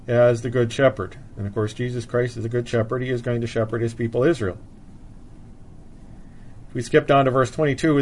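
A man's voice: mid-range voice, darkish tone. A man giving an expository Bible sermon, reading scripture passages aloud in old-fashioned wording and then explaining them plainly. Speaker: Bible teacher.

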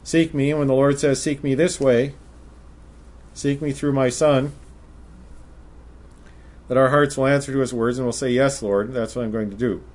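A man preaching a sermon, speaking in a measured way and reading scripture passages aloud in old-style wording. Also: mid-range voice, fairly even intonation, darkish tone.

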